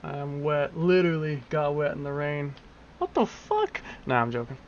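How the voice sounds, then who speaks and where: Brief: young male streamer, laid-back and crude, a bit higher-pitched, bantering over gameplay. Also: sing-song, normal speed, dull audio, a little hiss or hum. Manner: joking, swearing, teasing back at chat. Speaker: gaming streamer. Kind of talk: casual profane gameplay commentary.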